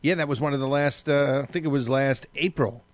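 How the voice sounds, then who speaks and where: A man's voice: mid-range voice, fairly quick, no room sound. A man hosting a radio show, trading wisecracks in casual banter. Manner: wisecracking, teasing.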